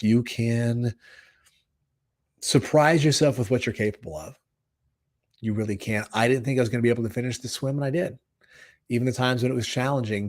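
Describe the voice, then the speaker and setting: A man hosting a live podcast episode, speaking in a strained, hoarse voice. He sounds earnest and emotional, rambles a little and often restarts his sentences. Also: mid-range voice, darkish tone. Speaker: podcast host. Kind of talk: live motivational monologue. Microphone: live stream microphone.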